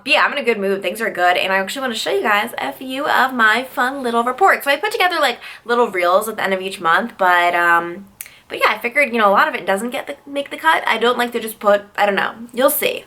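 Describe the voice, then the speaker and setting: Brief: young woman vlogger, bright, forceful tone, chatty and tired, lots of "like.". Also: fairly high pitch. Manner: chatty, peppered with "like" fillers. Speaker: vlogger and news reporter. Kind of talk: casual vlog chat.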